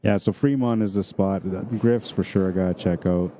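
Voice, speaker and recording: A man's voice: deep voice, normal speed, warm tone, a little hiss or hum. A middle-aged man from Manitoba with a Canadian accent, rambling casually as a pool stream commentator and reading viewer comments aloud.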